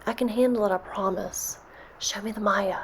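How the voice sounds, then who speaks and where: An earnest young man who keeps quietly begging for answers, as a woman storyteller puts him on. His voice is soft and pleading, at an ordinary middle pitch. Faint hiss sits under the voice. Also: steady tone, normal speed, lightly acted.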